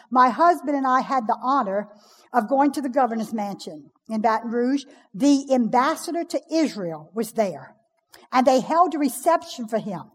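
High-voiced woman preaching in a hall. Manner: humorous, storytelling, lively preaching. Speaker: pastor's wife speaking at a ladies' event. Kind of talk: sermon. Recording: long hall reverb.

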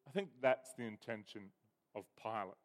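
A man's voice: lowish voice, expressive, moderate pace. A man preaching a sermon, explaining a Bible passage with emphasis and reading scripture aloud. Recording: hall reverb.

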